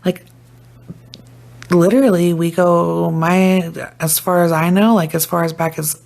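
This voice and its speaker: A young woman from Idaho talking casually into her phone, rambling and swearing with excitable energy. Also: lowish voice, a little slow, creaky. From Idaho, USA. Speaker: vlogger. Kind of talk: casual commentary to camera.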